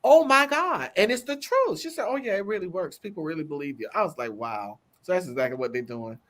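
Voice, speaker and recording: A woman co-hosting a casual talk show, animated and emphatic, repeating words for effect. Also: low voice, quick pace. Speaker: co-host. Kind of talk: casual chat.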